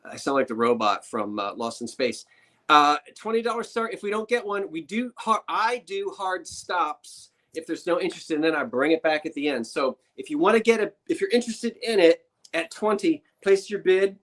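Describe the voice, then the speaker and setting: A man hosting a live online auction, talking in a loose, rambling patter and tossing in little jokes. His voice sits a touch high for a man, and he keeps a friendly sales chatter going. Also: animated, moderate pace. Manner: chatty, rambling, joking asides.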